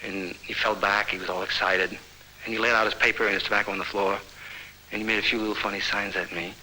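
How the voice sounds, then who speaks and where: A man's voice: fairly low pitch, level tone, fast talker, bright, forceful tone, a little hiss or hum, poor audio. A man narrating in a rambling, improvised, free-associating way with a loose rhythm.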